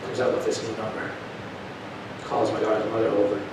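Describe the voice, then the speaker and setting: A male preacher telling a testimony in an animated storytelling manner, swinging from hushed to loud. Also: a little fast. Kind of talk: sermon testimony. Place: church. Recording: echoey church from a distant mic with background rumble.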